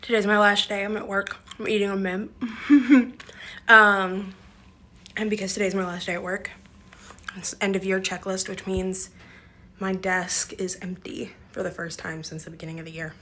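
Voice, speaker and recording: A young woman records a casual vlog on her phone in a classroom, chatty and full of fillers, her voice wavering as if near tears. Her pitch sits in an ordinary middle range. A faint hiss runs underneath. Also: little pitch movement, normal speed, sharp tone. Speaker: school aide. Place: school classroom.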